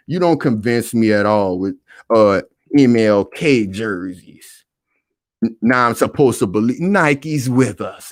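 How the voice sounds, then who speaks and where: A man's voice: lowish voice, dry recording, clean studio sound. A man hosting a live stream and talking casually, preaching and calling out to his viewers again and again.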